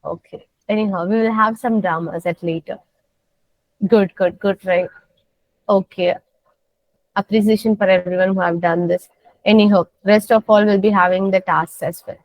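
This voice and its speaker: A woman teaching a soft skills class, coaxing her students and repeating simple phrases. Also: medium pitch, steady tone, moderate pace, poor audio.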